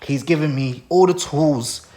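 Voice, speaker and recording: A man's voice: a little high, measured pace. Emotional man hosting a live stream. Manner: heartfelt, emotional, thanks people warmly. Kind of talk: casual live stream talk.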